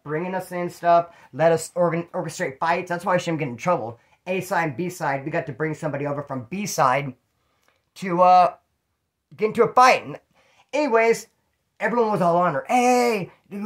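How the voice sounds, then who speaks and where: A man's voice: a little high, a bit bright. A man who served time, telling his own prison stories in a rambling, profane way full of street slang. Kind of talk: casual spoken storytelling.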